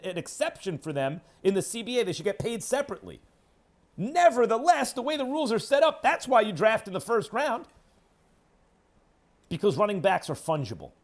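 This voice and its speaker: A man from New York hosts a sports radio show and launches into an opinionated monologue. He's emphatic and hectoring, swinging between booming declarations and quieter, low asides.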